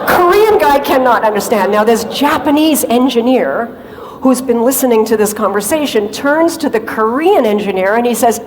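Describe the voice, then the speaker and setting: A woman giving a prepared talk to an audience, telling stories in a lively way and asking the audience questions. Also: fairly high pitch, moderate pace. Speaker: public speaker. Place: large lecture hall. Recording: reverberant hall, faint noise.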